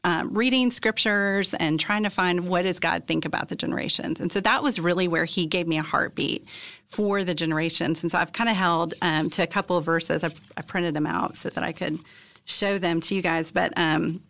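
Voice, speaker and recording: A middle-aged woman who leads women's ministry, telling a personal story in a conversational podcast and acting out quoted lines in a high voice. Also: moderate pace, creaky, fairly bright tone, no room sound. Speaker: guest, women's ministry leader.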